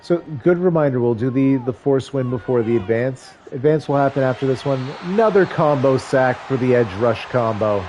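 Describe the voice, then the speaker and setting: Male streamer, mid-range mellow voice, wry play-by-play over a football video game. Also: mid-range voice, moderate pace, few pauses, highs cut off, slight background noise. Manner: wry, joking asides between stat rundowns.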